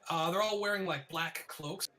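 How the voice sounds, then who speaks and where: A man narrating a tabletop game as game master, in vivid, descriptive narration with filler pauses. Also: a little high, sharp tone.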